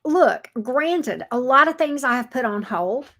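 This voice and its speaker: A woman's voice: sits high, lively intonation, measured pace, fairly bright tone. A woman, hosting a casual tarot livestream, talking bluntly and reading viewer comments aloud. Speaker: tarot reader livestream host.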